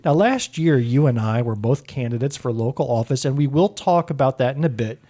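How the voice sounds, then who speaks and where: A man's voice: mid-range voice, animated, brisk, dark tone. A man co-hosting a podcast, leading a casual chat with jokes and enthusiasm. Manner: joking, enthusiastic, leads the talk. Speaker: podcast co-host.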